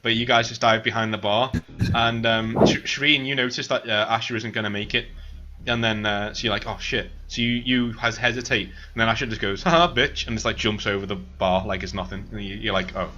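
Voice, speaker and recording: A man's voice: lowish voice, little pitch movement, fairly quick, sharp tone, muffled recording, slight background noise. A man narrating as game master over an online voice call, rambling with lots of filler words and laughter.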